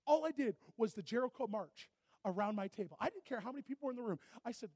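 A man preaching a sermon, telling a personal story and acting out both sides of the dialogue, moving from hushed to loud. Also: extremely high pitch, animated, fast, husky, no echo.

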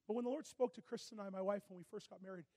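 A man's voice: sits high, rapid-fire, dry recording. A man preaching a sermon as a pastor, telling stories dramatically and often turning to the audience. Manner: animated, dramatic storytelling with plenty of asides to the audience.

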